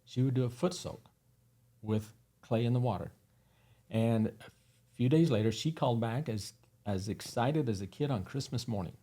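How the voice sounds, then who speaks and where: A man's voice: mid-range voice, moderate pace, mellow. A man guesting on an interview, telling earnest anecdotes with many fillers. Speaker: guest, company founder. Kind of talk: casual interview storytelling.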